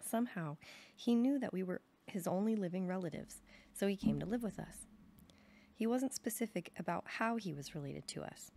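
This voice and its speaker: A young adult woman calmly reading a novel aloud in an even storytelling manner. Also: on the low side, a little fast, creaky. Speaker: reader.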